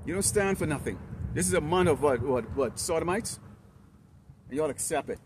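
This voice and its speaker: A man preaching a fiery street sermon outdoors, loud and confrontational, hurling crude insults at his listeners. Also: fairly high pitch, animated, normal speed. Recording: loud traffic noise outdoors. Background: loud traffic.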